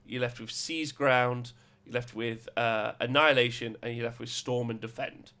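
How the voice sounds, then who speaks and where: A man's voice: mid-range voice, steady tone, moderate pace, pushed and bright. A man hosting a casual chat, reading rules aloud and laughing often between jokes. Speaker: podcast host.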